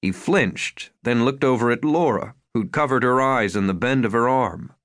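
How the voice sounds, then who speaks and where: A man narrating a thriller audiobook in an expressive storytelling style. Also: medium pitch, moderate pace. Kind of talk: scripted narration.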